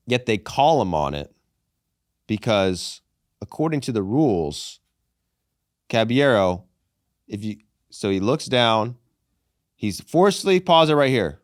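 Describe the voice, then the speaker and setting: A man's voice: lowish voice, very animated, measured pace, long pauses, no echo, studio quality. A man co-hosting a casual sports podcast, joking and swearing freely as he talks over a clip. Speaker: podcast co-host.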